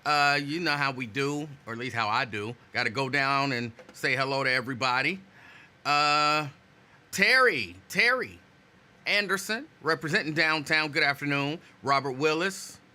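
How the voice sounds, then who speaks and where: A man hosting a casual live stream, greeting viewers by name and chatting loosely while saying his energy is low. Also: animated, normal speed, sharp tone. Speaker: host.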